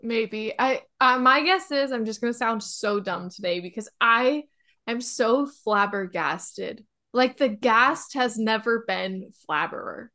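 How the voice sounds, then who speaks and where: A woman co-hosting a podcast in casual chat, excitable and flustered, swearing freely. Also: fairly high pitch, measured pace. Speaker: podcast co-host.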